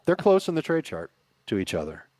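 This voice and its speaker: A man co-hosting a casual sports podcast, giving measured, decisive takes. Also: fairly high pitch, wildly swooping pitch, a little mellow, no room sound. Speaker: podcast co-host.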